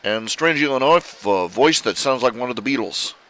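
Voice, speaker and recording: A middle-aged man casually commenting on his artwork, rambling and halting with many fillers. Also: mid-range voice, animated, fairly bright tone, poor audio. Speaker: artist showing his commissions.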